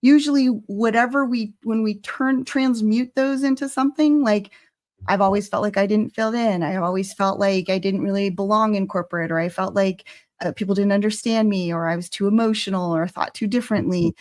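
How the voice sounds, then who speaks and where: A woman's voice: medium pitch, brisk, a little mellow. A woman hosting a podcast, talking in a heartfelt, rambling way with many restarts. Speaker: podcast host. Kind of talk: casual conversation.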